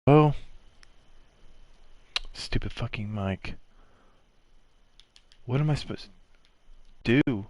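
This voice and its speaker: A man's voice: mid-range voice, takes it slowly, long pauses, a little mellow. A man doing let's-play commentary on a visual novel, flustered and swearing, repeating hello as his home mic keeps cutting out. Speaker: gamer playing a visual novel.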